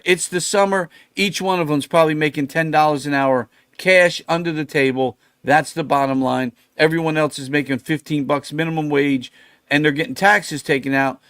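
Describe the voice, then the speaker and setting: A man's voice: a little high, a bit bright, no echo, clean studio sound. A middle-aged man hosting a podcast, ranting bluntly and profanely in a casual way, repeating himself as he goes. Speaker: podcast host. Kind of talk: casual political rant.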